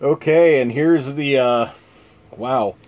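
A man hosting a casual card game review, reading cards in an amused, chuckling, unhurried way. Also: medium pitch, darkish tone, muffled recording. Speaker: channel host.

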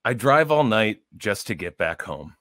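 A man's voice: fairly low pitch, very animated, a little slow, bright, forceful tone, no echo, studio quality. A man acting out a comedy sketch as a podcaster, arguing with his partner in exasperation.

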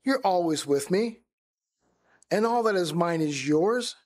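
Forgiving father, voiced by a man, gentle and pleading, somewhat high. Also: expressive, a little slow.

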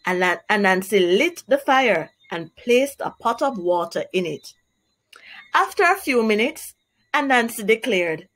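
A woman teacher reading a storybook aloud to young children in a slow, expressive way. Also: mid-range voice.

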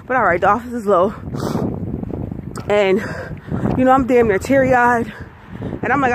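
Speaking straight to camera, an American woman in her forties tells her custody story in an emphatic, profane, aggrieved way. Her voice runs on the high side at normal speed, with long pauses and a noisy background.

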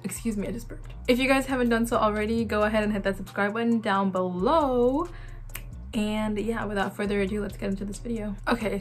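A young woman vlogging in a chatty, giggly, nervous way as she narrates a text prank. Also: mid-range voice. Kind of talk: casual vlog chat.

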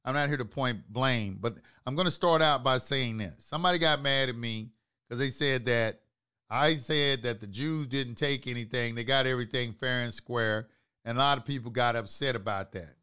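A man hosts his own online channel, talking straight to live viewers in a long monologue. He preaches emphatically, repeats lines to drive them home and jumps from low, muttered asides to loud outbursts. His voice is smooth and resonant. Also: normal speed. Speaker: host of an online talk channel.

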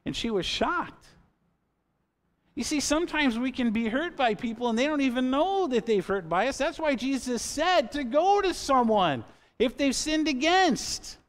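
A man's voice: extremely high pitch, expressive, unhurried. A man in his fifties preaching a sermon as pastor in a church, earnest and conversational, with asides to the congregation. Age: 50s. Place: church sanctuary.

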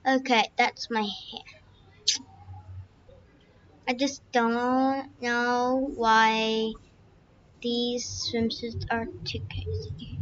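A young woman casually narrating her game play, excitable and full of fillers, squealing now and then. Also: a little high, drawn-out words, pauses often, noisy background. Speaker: gaming channel host. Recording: dull lo-fi recording.

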